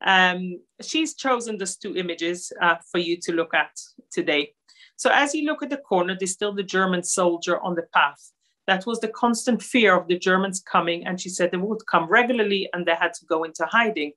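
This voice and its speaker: Earnest woman from israel doing a slide lecture, lots of ums, bright forward voice. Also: on the low side, animated, normal speed. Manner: earnest, with frequent fillers. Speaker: lecturer at a Holocaust centre. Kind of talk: slide-based talk.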